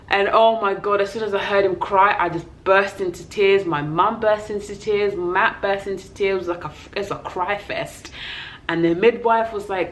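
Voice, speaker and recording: Young London woman, heartfelt and tearful, lowish voice, faint hiss behind. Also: moderate pace, poor audio. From England. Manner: tearful, heartfelt, acts out voices in her story. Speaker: vlogger. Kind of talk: emotional personal storytelling.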